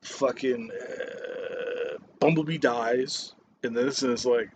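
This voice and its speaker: A man's voice: mid-range voice, slow, gravelly, background noise. Rambling, foul-mouthed man reviewing a movie. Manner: rambling, heavy swearing, many fillers and restarts. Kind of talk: casual spoken movie review.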